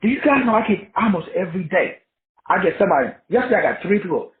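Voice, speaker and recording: 60s man preaching casually, high lively voice, cussing, tinny audio in an echoey room. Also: fast, slight background noise. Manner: profane, animated, preachy. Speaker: spiritual teacher.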